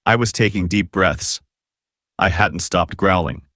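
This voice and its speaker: A man's voice: deep voice, unhurried, fairly bright tone, dry recording, studio quality. A man narrating a romance novel audiobook in the first person, with dramatic, emotive storytelling.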